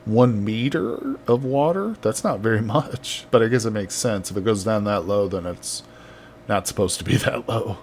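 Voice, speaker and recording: A man's voice: lowish voice, moderate pace, darkish tone, a little hiss or hum. A man chatting casually on a live game stream, reading out viewer messages and laughing often. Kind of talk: casual live-stream chat while building.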